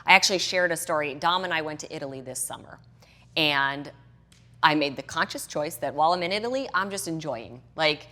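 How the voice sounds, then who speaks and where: A woman's voice: low-pitched, lively intonation, a little fast, bright, forceful tone. A middle-aged woman, a fitness and hormone health coach, chatting as a podcast guest and animatedly acting out her own past reactions. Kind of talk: casual podcast interview.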